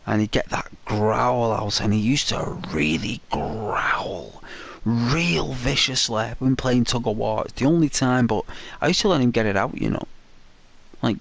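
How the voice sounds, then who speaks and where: A man giving casual, rambling commentary heavy with fillers. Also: fairly low pitch. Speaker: gaming commentator.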